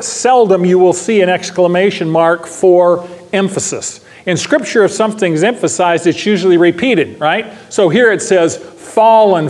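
High-voiced pastor teaching scripture. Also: male voice, a little mellow. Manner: emphatic, repeats key phrases, asks the audience questions. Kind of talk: expository Bible teaching sermon.

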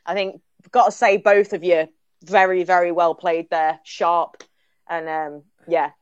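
A woman's voice: lowish voice, little pitch movement, measured pace, clear, resonant tone, no room sound, lo-fi sound. A woman hosting a casual podcast chat, effusive and full of praise. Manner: effusive, warm praise, frequent laughter. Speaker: podcast host.

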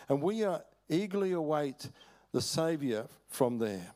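An older Australian man preaching a sermon, telling stories in a folksy way with chuckles and halting restarts. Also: on the high side, lively intonation, mellow. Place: church hall.

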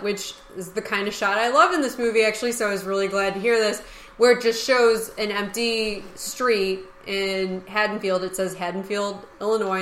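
A woman co-hosting a podcast in casual chat, chatty and quick to trail off and restart. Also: medium pitch, pushed and bright. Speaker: podcast co-host. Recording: echoey room.

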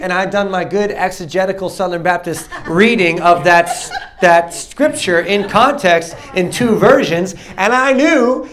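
Young male preacher in his twenties, animated testimony delivery, slightly raised pitch. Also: measured pace. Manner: animated storytelling, acts out dialogue, laughs often. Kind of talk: testimony sermon.

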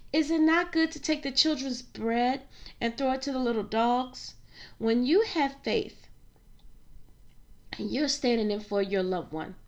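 A woman preaching a sermon, fervent and direct, calling her listeners saints and queens. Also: high voice.

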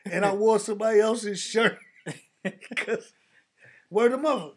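A middle-aged man from the Bronx, telling animated stories in casual chat and acting out the people he quotes. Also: sits high, measured pace, breathy edge. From the Bronx, New York. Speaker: storyteller in a casual conversation.

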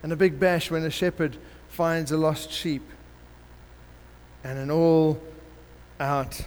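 A man preaching a sermon, telling a parable in an animated way and acting out the characters. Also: a little high, takes it slowly. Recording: long hall reverb with faint background noise.

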